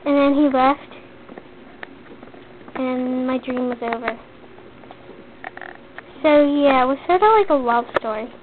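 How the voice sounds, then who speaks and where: A woman's voice: sits high, slow, pauses often. A teenage girl telling a long story in a chatty, rambling way, full of "like.". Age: teens. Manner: chatty, rambling, heavy use of "like". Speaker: vlogger. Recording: tinny lo-fi webcam audio with faint hiss.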